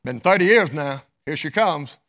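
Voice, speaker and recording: A man preaching a sermon through a dramatic story, with his voice rising loud and dropping low. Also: expressive, moderate pace. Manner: dramatic, wide swings in loudness.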